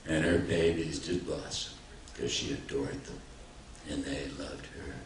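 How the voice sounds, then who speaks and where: An older man giving a public talk, telling anecdotes with warmth and self-deprecating humor. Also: extremely low pitch, level tone, unhurried, a little hiss or hum. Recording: roomy hall, mic at a distance.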